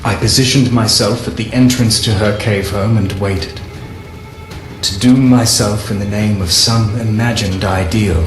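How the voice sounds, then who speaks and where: A man reading a first-person diary as scripted narration, measured, solemn and deliberate. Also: on the low side. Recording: echoey room with faint music.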